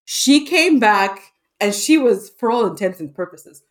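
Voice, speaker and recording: A woman hosting a podcast, talking in a chatty, expressive way with frequent fillers. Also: a little high, measured pace. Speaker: podcast host. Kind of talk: casual conversation.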